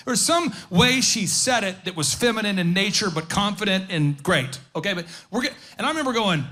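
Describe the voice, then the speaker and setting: A high-pitched man with a bright, cutting tone runs a business seminar. He talks fast and jokes a lot, and he keeps tossing quick questions at the audience in the auditorium. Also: lively intonation. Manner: fast, jokey, riffing asides and audience questions. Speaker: business conference speaker. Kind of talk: energetic live seminar talk. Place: conference auditorium stage.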